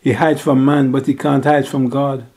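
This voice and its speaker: A man preaching a sermon in a slow, halting way, rising higher and louder when he stresses a point. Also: level tone, husky.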